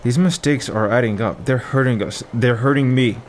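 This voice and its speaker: A man voicing a stern, commanding woman leader who speaks firmly and in measured tones in an audiobook. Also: mid-range voice, slight background noise, natural voice. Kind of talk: audiobook character voice.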